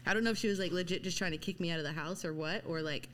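A woman in her thirties with a faint Southern accent from Louisiana talks loosely and casually, her voice sitting a little low. She rambles with plenty of filler words as a guest on a podcast. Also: very fast, a bit bright, a little hiss or hum. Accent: mild Louisiana Southern. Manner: laid-back, chatty, lots of fillers and laughs. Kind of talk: casual chat.

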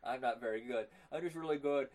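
A man co-hosting a podcast in casual chat, animated and quick to laugh. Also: medium pitch, low-quality recording. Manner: animated, laughs easily, breaks into silly impressions. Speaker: podcast co-host.

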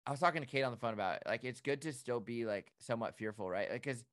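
A man co-hosting a podcast, telling a lively story in casual chat and acting out his own reactions. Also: mid-range voice, fast talker, dry recording, studio quality. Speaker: boat operator and podcast co-host.

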